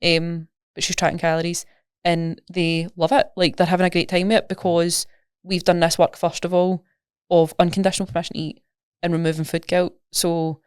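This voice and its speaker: A Scottish woman talks fast in a lowish register, explaining her coaching work with lively everyday examples. The sound is dry and close, with no room around it. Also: clean tone, no echo. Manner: chatty, rapid, animated explaining with examples. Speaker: nutrition coach, guest. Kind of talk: casual podcast interview.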